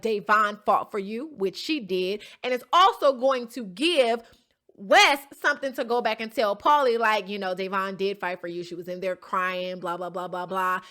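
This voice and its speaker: Woman, fairly high, bright and forceful voice, emphatic storyteller who keeps checking in with her listeners. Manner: swears casually, storytelling tone. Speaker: reality show contestant recapping an episode. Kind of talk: casual recap to camera.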